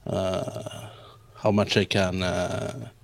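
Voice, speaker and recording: Slow, halting man playing a tabletop game. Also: low voice, level tone, gravelly, dry recording. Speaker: player. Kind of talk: casual tabletop game play.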